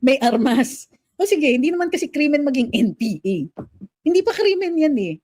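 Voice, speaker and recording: A middle-aged woman with a Filipino accent speaks in a fairly high yet mellow voice, recorded close and dry. She delivers her political commentary as a lawyer, switching between Filipino and English with animated, opinionated emphasis. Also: brisk, no echo. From Philippines.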